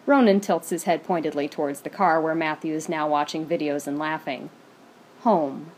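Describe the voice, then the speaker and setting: A woman reading fan fiction aloud in a steady, even storytelling manner. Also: sits low, moderate pace.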